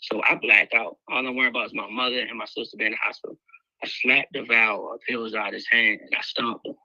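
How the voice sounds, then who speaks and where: A man's voice: mid-range voice, steady tone, quick pace, pushed and bright, dry recording, rough recording. A man telling a raw personal story, candid and emotional, full of fillers. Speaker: guest speaker sharing his life story.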